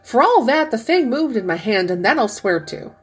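A woman's voice: a little high, very animated, normal speed, breathy edge, soft background music. A woman doing a stubborn old father. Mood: insistent. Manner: insistent, emphatic. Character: stubborn old father, insistent then dazed.

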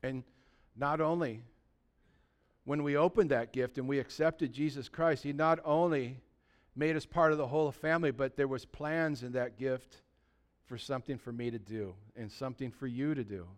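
Clear-voiced impassioned male preacher. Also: medium pitch, moderate pace. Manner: impassioned preaching, rising to loud emphatic peaks. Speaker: pastor. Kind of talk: sermon.

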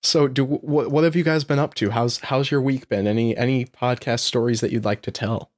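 Dry, relaxed male podcast co-host. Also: mid-range voice, brisk. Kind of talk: casual chat.

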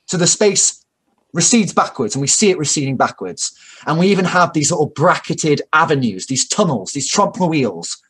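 A man's voice: fairly high pitch, sing-song, normal speed, fairly bright tone, breathy edge. A man talking at length in a casual, opinionated way, full of fillers and restarts and the odd swear word. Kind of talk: casual discussion.

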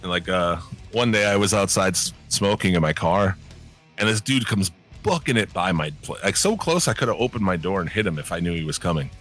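A man co-hosting a casual chat podcast, telling animated stories full of profanity. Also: deep voice, a little fast, faint music behind.

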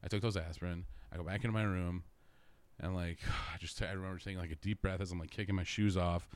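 A man's voice: deep voice, fairly even intonation, quick pace, no room sound. A young man telling a rambling story in casual chat, swearing constantly and laughing through his own stories.

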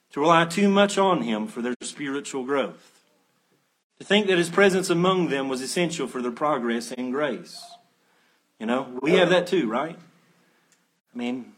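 A man preaching an expository sermon, earnest, swelling to emphatic peaks, then dropping low, with conversational asides and rhetorical questions. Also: fairly bright tone. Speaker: pastor.

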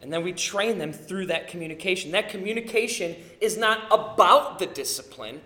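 A man in his thirties preaching a sermon, telling family stories with lively acted-out quotes. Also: sits high, normal speed, reverberant. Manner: animated storytelling, acting out quotes. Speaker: pastor.

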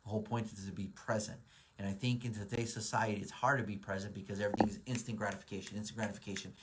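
A man's voice: fairly low pitch, level tone, very fast, very noisy. A man in his forties, a real estate broker, giving a casual motivational talk with lots of ums and restarts. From Southern California. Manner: rambling, many ums and restarts.

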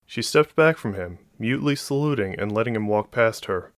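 A man narrating a novel as an audiobook in a steady, even storytelling voice. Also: lowish voice, normal speed, dry recording.

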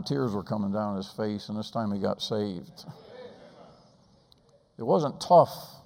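Male preacher, mid-pitched, pleading and urgent, with a long hall echo. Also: gravelly, darkish tone. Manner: urgent, pleading, rhetorical questions. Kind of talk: sermon.

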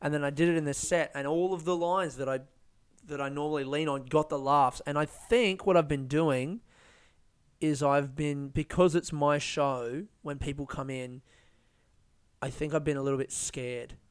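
Smooth-voiced young man ranting. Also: a little high, normal speed. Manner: ranting, swearing, animated storytelling. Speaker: comedian. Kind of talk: casual monologue. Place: outdoors under a tree.

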